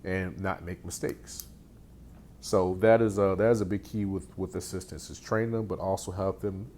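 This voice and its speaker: A man with a somewhat low voice coaches real estate agents in an easygoing, unscripted way. He circles back on his phrases and restarts often. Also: a little mellow, slight background noise. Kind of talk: casual teaching talk.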